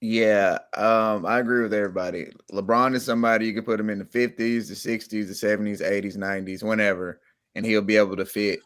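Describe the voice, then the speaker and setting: A man on a sports talk panel, reasoning in a calm, measured way. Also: fairly low pitch, smooth.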